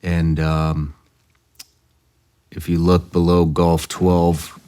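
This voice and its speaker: A male podcast host speaking slowly and hesitantly in an interview, pausing often with "uh.". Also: low-pitched, monotone, mellow, clean tone. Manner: slow, hesitant, many "uh" pauses. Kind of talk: interview conversation. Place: podcast studio.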